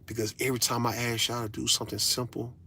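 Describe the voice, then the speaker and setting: A man speaking at an ordinary pitch, delivering a blunt, profane rant straight to his audience. He lectures like a father, circling back to the same phrases to hammer each point home. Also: flat delivery, quick pace, vocal fry, sharp tone, slight background noise. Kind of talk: casual ranting monologue.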